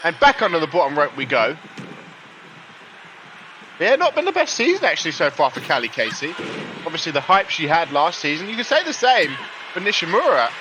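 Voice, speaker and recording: A man's voice: on the high side, huge pitch swings, a little fast, pauses often, background noise. A young man commentating a wrestling game live on a stream, chatty and greeting viewers between calls. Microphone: laptop mic. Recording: music playing behind. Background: music.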